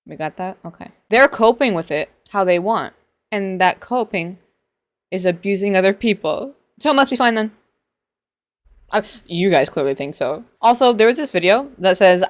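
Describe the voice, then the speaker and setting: A woman ranting through a reaction commentary at a middling pitch. Her delivery is sarcastic and pointed as she lectures her viewers.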